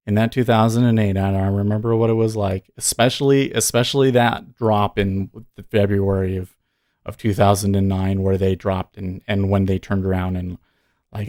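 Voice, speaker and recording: A man in his thirties hosts a casual day trading livestream, his voice sitting a little low. He rambles earnestly, correcting himself as he goes. The sound is dry and close. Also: darkish tone, no echo. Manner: rambling, earnest storytelling with frequent self-corrections.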